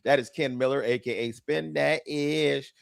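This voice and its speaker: Gravelly comic radio host. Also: male voice, medium pitch, steady tone, moderate pace, no room sound, clean studio sound. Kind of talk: casual comedy radio banter. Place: radio studio.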